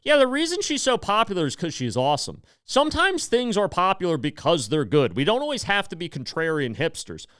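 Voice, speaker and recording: A man in his thirties hosts a podcast in a loose comedic monologue, rambling and swearing as he gets worked up. His pitch jumps all over the place, and his voice comes across smooth and clear. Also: big pitch swings, a little fast, hardly any pauses, fairly bright tone, no echo, studio quality. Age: 30s. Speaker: podcast host.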